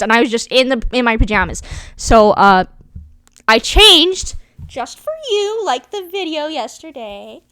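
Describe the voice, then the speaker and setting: A woman's voice: on the high side, a bit bright, clear, resonant tone, dry recording. A young woman chatting casually at home for her vlog, giggly and full of fillers, often trailing off and restarting. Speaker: vlogger. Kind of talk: casual rambling vlog chat.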